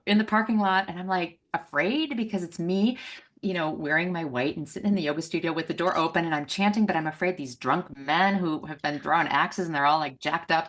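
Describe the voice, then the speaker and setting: A middle-aged woman, a money mindset coach, telling a personal story in a podcast conversation and acting out the voices she quotes. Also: deep voice. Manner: animated, acts out quoted voices.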